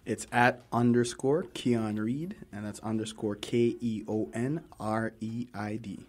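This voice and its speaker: A man who is a guest author on a talk show, answering warmly and affirming what the host says. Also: on the low side, fairly even intonation, measured pace. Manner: affirming, responsive. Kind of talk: casual interview.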